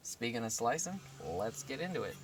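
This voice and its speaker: A man hosting a casual unboxing video, talking in a relaxed, rambling way with many fillers and self-corrections. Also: mid-range voice, normal speed. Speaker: vlog host unboxing a collectible figure. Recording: steady background noise.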